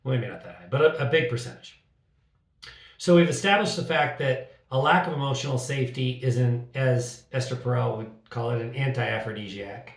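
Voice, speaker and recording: A middle-aged man co-hosting a podcast, chatting in an animated, wry and sarcastic way. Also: mid-range voice, a little fast, roomy sound, far from the mic. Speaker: podcast co-host. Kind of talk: casual conversation.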